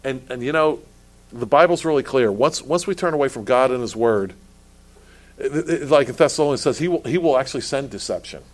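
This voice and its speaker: A man's voice: medium pitch, expressive, brisk. A male pastor preaching a sermon, asking pointed rhetorical questions and stumbling over restarts as he builds his points.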